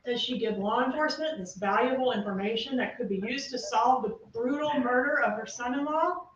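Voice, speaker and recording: A woman prosecutor giving a closing argument to a jury, pressing her points with rapid rhetorical questions, heard through a distant courtroom feed. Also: a little high. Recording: roomy, distant, muffled courtroom feed with faint hiss.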